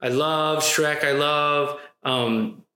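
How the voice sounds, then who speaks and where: A man's voice: on the high side, steady tone, very slow, bright, forceful tone. A middle-aged man, chatting casually as a sports broadcaster, rambling and restarting his sentences. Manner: rambling, self-interrupting. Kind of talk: casual podcast chat. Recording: echoey room.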